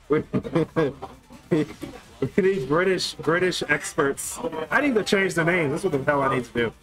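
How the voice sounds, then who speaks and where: A man commentating an esports tournament, joking and hyped, swinging between shouts and mumbles. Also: fairly high pitch, very animated, slow, pauses often, rough recording. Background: game music.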